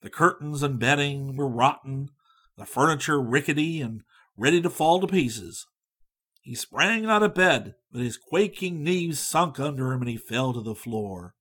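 A man narrating a storybook in an expressive, varied reading. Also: medium pitch, measured pace, breathy edge.

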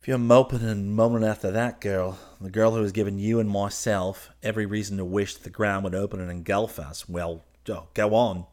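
A man's voice: fairly low pitch, steady tone, a little fast, few pauses, darkish tone, close to an everyday voice. Man voicing a scornful young artist friend. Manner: scornful, exasperated. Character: scornful young male art student, gruff friend. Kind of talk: audiobook character reading.

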